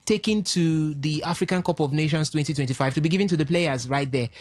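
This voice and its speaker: A man's voice: a little high, fast talker, no echo. A man co-hosting a radio sports talk show, opinionated and full of ums as he argues his points. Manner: opinionated, hesitant with many ums.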